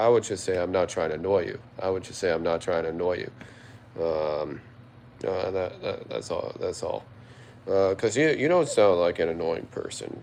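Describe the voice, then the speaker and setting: A man with a somewhat low voice chats loosely on his livestream, tipsy after a few drinks and circling back over the same phrases. A faint hiss of noise sits under his voice. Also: a little mellow. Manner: rambling, repeats himself often. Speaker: livestream host reading chat. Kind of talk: casual livestream chat.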